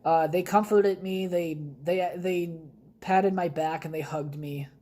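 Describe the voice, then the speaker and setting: A man's voice: high-pitched, steady tone, a little slow, mellow, poor audio. A young man hosting a podcast from his home basement, telling rambling stories casually with blunt, heavy swearing. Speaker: podcast host. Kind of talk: casual storytelling monologue.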